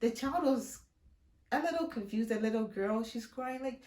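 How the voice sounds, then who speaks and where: A woman's voice: a little high, normal speed. A woman from Africa talking casually on her vlog, telling a story with emphatic delivery and then walking through a hair-care routine. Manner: emphatic, expressive storyteller who acts out quoted voices. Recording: roomy echo.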